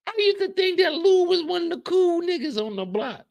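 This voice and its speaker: A man hosting a comedic TV after-show, riffing in an animated, jokey way with wild swings in pitch. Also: brisk, creaky, few pauses, no room sound. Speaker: show host.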